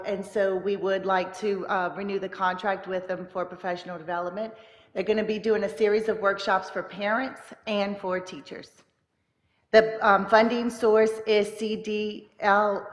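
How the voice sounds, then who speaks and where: A woman delivers a businesslike staff report to a public board meeting, keeping her voice flat and even. Her voice rings with a long hall reverb. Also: medium pitch. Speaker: school district staff presenter.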